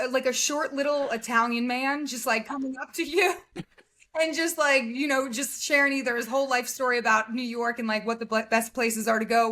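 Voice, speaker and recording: A woman's voice: a little high, sharp tone. Bubbly, giggly woman guest. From United States. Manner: bubbly, giggly, lots of fillers. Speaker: podcast guest. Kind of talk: casual interview chat.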